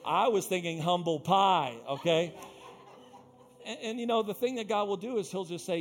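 A male pastor preaching a sermon, swinging between quiet asides and loud emphatic peaks, with playful self-teasing humor. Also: sits high, moderate pace.

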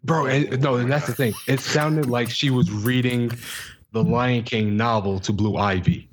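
A man's voice: mid-range voice, steady tone, a little slow. A young man co-hosting a podcast, ranting animatedly in casual chat and acting out his own reactions. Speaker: podcast co-host.

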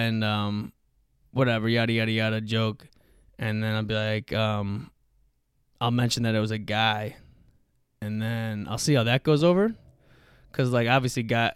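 A man's voice: on the low side, smooth, no echo, clean studio sound. A man hosting a solo podcast, ranting in a profane, rambling way and saying dude and bro constantly. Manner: loud shouting rants. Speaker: podcast host. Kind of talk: solo comedic rant.

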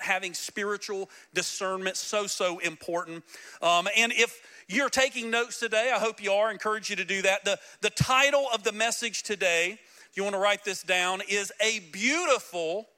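Bright, high-voiced preaching man. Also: clear, resonant tone. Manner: animated, joking, talks directly to the congregation. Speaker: pastor. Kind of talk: sermon. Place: church sanctuary.

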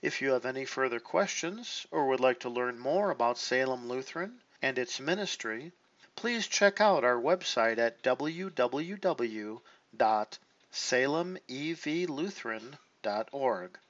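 A man's voice: medium pitch, animated, a little slow, fairly bright tone, no echo, dull audio. A man reading a scripted closing announcement for a church podcast, spelling out a web address letter by letter.

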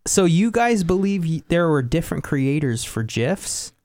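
A man co-hosting a podcast, chatting casually with a playful, deadpan teasing manner and frequent laughs. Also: on the high side, unhurried, no room sound, studio quality. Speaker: podcast co-host. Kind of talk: casual joking chat.

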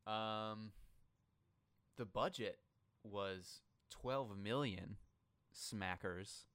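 A man's voice: fairly low pitch, drawn-out words, a bit bright, smooth, dry recording. A man co-hosting a podcast in a casual chat, joking and hesitant with many fillers. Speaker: podcast co-host.

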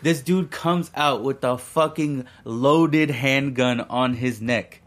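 A man's voice: mid-range voice, slow, a bit bright. Laid-back young man telling a story. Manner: profane, rambling, laid-back. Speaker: podcast co-host. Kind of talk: casual storytelling.

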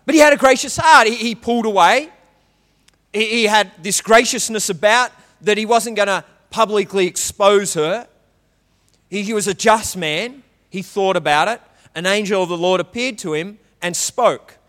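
A man's voice: sits high, fairly bright tone, big-room sound. A man preaching a conversational sermon and asking the congregation questions. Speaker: pastor.

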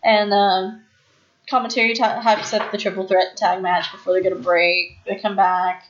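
Recapping wrestling on a podcast she co-hosts, this woman has a mid-range, level voice and a moderate pace. She's chatty, laughs a lot, and performs quotes. The lo-fi recording is dull, with slight background noise.

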